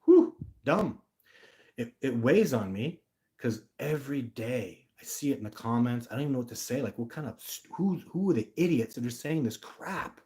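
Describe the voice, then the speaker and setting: A man's voice: medium pitch, lively intonation, fairly quick, dark tone. Talkative blunt Canadian man hosting live. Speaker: livestream host. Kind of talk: live-stream chat answering viewer comments.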